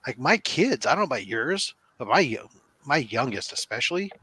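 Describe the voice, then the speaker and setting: A man's voice: medium pitch, sing-song, brisk, pushed and bright, husky. A middle-aged man hosting a casual live stream, telling easygoing, rambling stories. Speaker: host.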